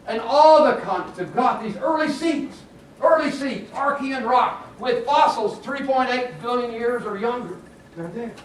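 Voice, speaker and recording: A man teaching a geology class in a lively, jokey way, often laughing at his own jokes. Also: high voice, slight background noise. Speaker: geology lecturer. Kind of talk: classroom lecture. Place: lecture room. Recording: echoey classroom recording from far off.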